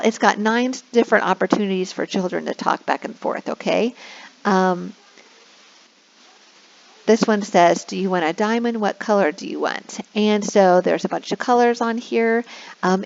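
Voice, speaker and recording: A woman explaining classroom screens as an online English teacher, now and then slipping into a slow sing-song to model prompts for kids. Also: mid-range voice, creaky. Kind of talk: instructional screen walkthrough. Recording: dull lo-fi recording.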